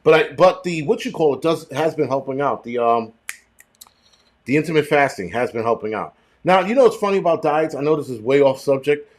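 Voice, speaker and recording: A man hosting a casual livestream chat, rambling and swearing freely with animated outbursts. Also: medium pitch. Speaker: host.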